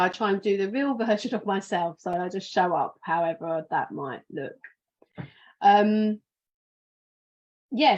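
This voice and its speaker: A British woman hosts a podcast in a loose, chatty monologue, sounding sleepy as she wanders from point to point and breaks off mid-sentence. The recording is dull and a little lo-fi. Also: medium pitch. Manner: chatty, rambling, restarts sentences. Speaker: podcast host.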